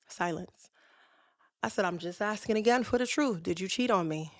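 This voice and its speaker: A woman's voice: mid-range voice, moderate pace, dry recording, clean studio sound. A woman, hosting a podcast and telling a personal story in a candid, conversational way, acting out both sides of past conversations. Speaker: podcast host.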